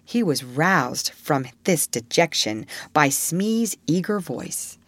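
A woman narrating a storybook in an expressive, measured reading. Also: sits low, dry recording.

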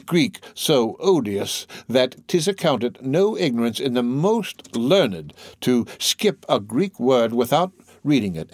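A man reading an old novel aloud, voicing a severe older male archdeacon who speaks coldly and slowly, like a lecturer. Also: mid-range voice, no echo, clean studio sound. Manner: cold, measured, lecturing.

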